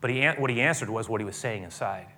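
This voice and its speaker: A man preaching a sermon, retelling a scripture scene with many restarts, dropping to hushed tones and rising to emphatic peaks. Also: on the low side, fast talker. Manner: storytelling with frequent restarts, swinging from hushed to emphatic.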